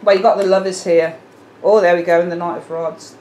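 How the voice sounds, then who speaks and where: Give me a lower-pitched British woman reading tarot cards in a musing, repetitive way. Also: steady tone, brisk, warm tone, a little hiss or hum. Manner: musing, repeats phrases, frequent fillers. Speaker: tarot reader. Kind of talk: casual tarot reading to camera.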